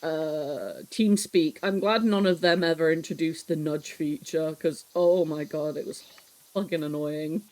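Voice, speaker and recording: A streamer in their thirties talks to viewers in a loose, casual ramble, swearing freely and laughing often. The telling is animated and nostalgic, and the voice sits at an ordinary middle pitch. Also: unhurried, rough recording. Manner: reminiscing, animated storytelling. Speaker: live streamer. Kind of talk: casual chat while cleaning on stream.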